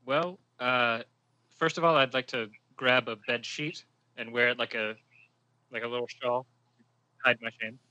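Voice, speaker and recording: A man playing a tabletop game, speaking in a dry, deadpan, bewildered way. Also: medium pitch, unhurried, a little hiss or hum. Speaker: player.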